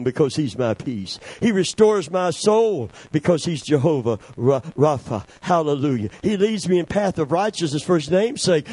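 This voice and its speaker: Man, pastor preaching, high voice, frequent amens, loud-to-hushed swings. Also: slightly rough, dry recording. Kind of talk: sermon.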